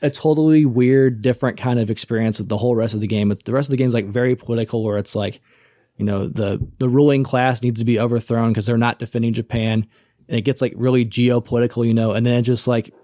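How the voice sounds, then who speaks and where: Fast-talking casual podcast guy. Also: mid-range voice, no room sound, studio quality. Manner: animated storytelling, acts out quoted characters, swears casually. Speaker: podcast co-host. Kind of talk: casual chat.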